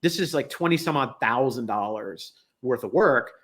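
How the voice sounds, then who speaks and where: A man's voice: medium pitch, expressive, moderate pace, fairly bright tone. A man co-hosting a podcast, telling a story in a casual, exasperated way and acting out the people he quotes. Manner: exasperated ranting. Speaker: podcast co-host. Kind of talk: casual chat.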